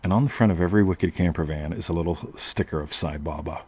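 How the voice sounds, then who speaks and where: A low, husky, darkish male voice talks fast as this US podcast host rambles through a long personal story. He interrupts himself often and keeps checking in with "right?"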